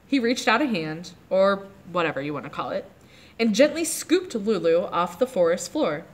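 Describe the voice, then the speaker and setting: A woman librarian reading a chapter book aloud to children, pausing to ask them about the pictures. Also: mid-range voice. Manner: animated, asks the kids questions about the pictures. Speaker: librarian leading children's story time.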